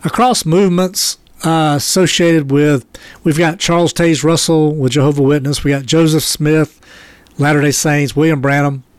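A man with a fairly high voice talks in a measured, explanatory way, laying out his points one after another. The recording is dry and close. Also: fairly even intonation, no echo. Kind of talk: conversational commentary on religion.

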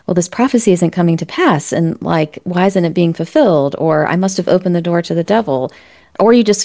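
A woman with a lowish voice and plenty of gravelly fry speaks as an interview guest. She talks in a candid, reflective way and often restarts her sentences. Her tone stays earnest throughout. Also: a little mellow. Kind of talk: candid conversational storytelling.

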